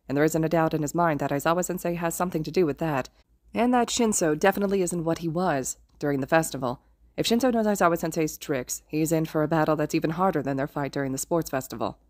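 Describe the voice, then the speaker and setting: A woman narrating fan fiction as a podfic, in a steady, even storytelling voice. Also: low voice, no echo, clean studio sound. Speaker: podfic reader. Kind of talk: audiobook-style fiction narration.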